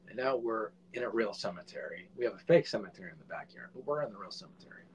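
A man in his forties, a filmmaker guest, telling a casual anecdote in an animated way and swearing freely. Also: lowish voice, fast talker, slight background noise, rough recording.

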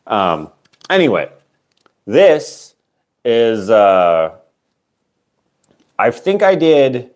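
A man's voice: mid-range voice, sing-song, drawn-out words, pauses often. A man casually auctioning his own handmade sculptures on a livestream, rambling and self-deprecating, trailing off with fillers.

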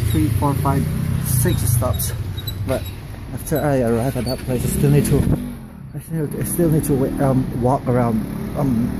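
Shivering man vlogging outside at night, mid pitch, excitable and cursing, heavy street noise. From Philippines. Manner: excitable, swears a lot, rambling. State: shivering from cold. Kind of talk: casual vlog. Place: outdoors on a city street at night in snow. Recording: loud outdoor street noise. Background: loud traffic and street noise.

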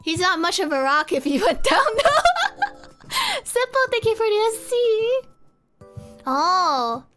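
A young woman chats on a live stream in a very high, bright, sharp voice, giggling often and rambling through guesses she keeps doubting. Faint music plays behind her. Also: big pitch swings, slow. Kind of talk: casual live-stream chat.

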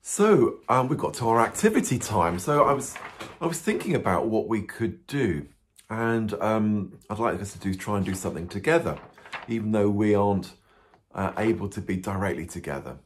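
A priest telling a Bible story to children, animated and full of questions, with frequent ums. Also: male voice, lowish voice, normal speed, a little hiss or hum. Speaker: parish priest.

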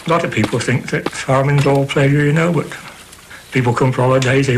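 An older farmer with a broad West Country Cotswold accent talks easily about his work, drawing out his vowels and rolling his R. He is recorded outdoors, and steady background noise runs under his voice. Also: medium pitch, fairly quick. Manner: long vowels and rolled R. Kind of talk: casual interview chat.

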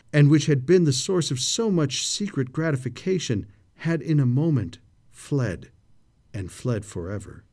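A man's voice: medium pitch, a little mellow. A man reads historical quotations for a scripture study show, putting dramatic expression into the lines. His voice sits in an ordinary middle range. He shifts between plain explanation and more heightened reading. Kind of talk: reading historical quotes aloud.

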